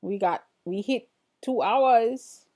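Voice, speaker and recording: A woman's voice: on the high side, takes it slowly. A middle-aged woman hosting a live stream, chatting casually and answering viewer comments as they come in. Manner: relaxed, chatty, addresses viewers directly. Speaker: livestream host. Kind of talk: casual livestream chat, reading viewer comments.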